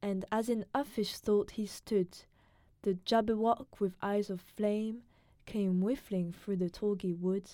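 Slow-talking mellow-voiced woman. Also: medium pitch, no room sound, studio quality. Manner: measured, self-deprecating, laughs easily. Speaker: podcast co-host. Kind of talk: poetry reading and casual chat.

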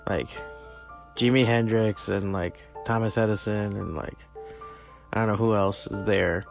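A man's voice: fairly low pitch, fairly even intonation, unhurried, gravelly, over music. A man hosting a podcast on his own, talking in a rambling, profane, casual way with lots of fillers. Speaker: podcast host. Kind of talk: casual solo monologue.

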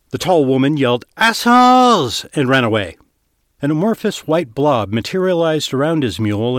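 A man reading scripted fiction narration in a steady, even storytelling manner, close to the mic. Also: medium pitch, no echo.

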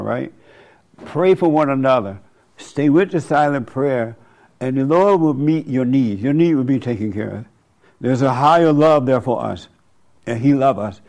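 A man's voice: a little high, gravelly, darkish tone. A man hosting a casual, preachy monologue, rambling and colloquial, often laughing at his own remarks.

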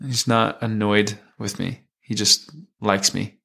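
A young man in his twenties speaks earnestly and reflectively about his faith. His voice sits a little low, and he pauses often with halting fillers as he works through his story. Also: level tone, gravelly, pushed and bright. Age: 20s. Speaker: worship leader, podcast guest. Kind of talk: personal testimony in conversation.

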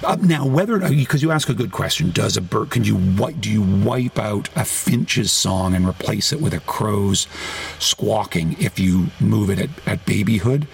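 A man talking as a guest author on a podcast, rambling, correcting himself mid-sentence and getting animated. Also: on the low side, moderate pace, vocal fry, slight background noise. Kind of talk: podcast conversation.

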